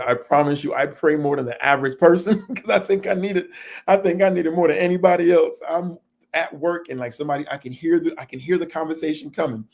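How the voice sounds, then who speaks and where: A man's voice: on the high side, a little mellow. A middle-aged man speaking earnestly in a panel discussion, self-deprecating and laughing now and then as he tells his own stories. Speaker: panel guest.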